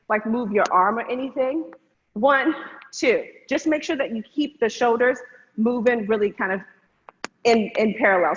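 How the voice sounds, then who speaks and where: A woman teaching an online hip hop dance class, upbeat and counting beats aloud. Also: fairly high pitch. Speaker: dance instructor. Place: room, virtual class. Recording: echoey, dull lo-fi sound with faint noise.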